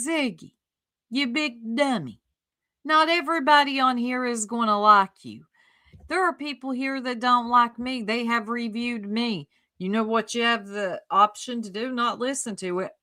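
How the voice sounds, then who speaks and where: A woman's voice: a little high, sharp tone. A woman streamer giving blunt, mocking commentary on a clip, laughing often. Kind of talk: reaction commentary.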